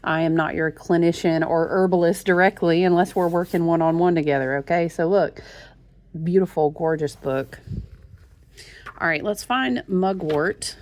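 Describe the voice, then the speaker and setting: A woman's voice: on the low side, moderate pace, darkish tone. A woman tarot reader in a gushing, chatty talk to her viewers, often calling them y'all. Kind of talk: casual chat.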